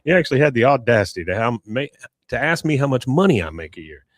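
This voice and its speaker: A man's voice: medium pitch, sing-song, fast talker, no echo. Brief: man voicing a stern cartoon dad, stiff and prim, dry close sound. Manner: stiff, disapproving.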